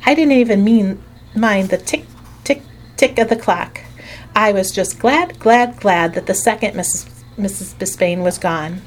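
A woman reading a children's storybook aloud in an expressive storytelling way. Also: mid-range voice, measured pace, a little hiss or hum. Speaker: narrator. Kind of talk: audiobook narration.

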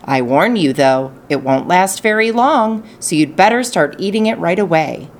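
A woman voicing an eccentric chocolate maker in an audiobook reading, giving a brisk, quick warning. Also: on the low side, animated.

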